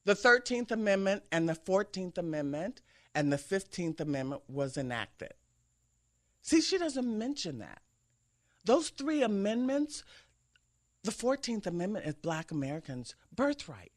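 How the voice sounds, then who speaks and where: A woman's voice: mid-range voice, very animated, measured pace. A woman hosting a talk show, giving an emphatic political commentary monologue from a studio, often mimicking others mockingly. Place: radio studio with an engineer.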